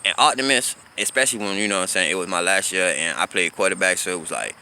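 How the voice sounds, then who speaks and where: A South Florida vlogger in his thirties casually recounts his teenage years, loose and conversational, often asking "you feel me?". His low voice is fast, sharp, clear and resonant.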